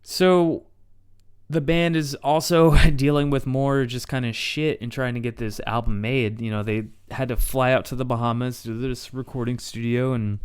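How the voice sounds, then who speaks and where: A man's voice: medium pitch, flat delivery, moderate pace, smooth, no room sound, studio quality. A man hosting a podcast, telling history in a loose, conversational way with fillers. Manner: loose and conversational, reads quotes aloud. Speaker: podcast host. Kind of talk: casual history narration.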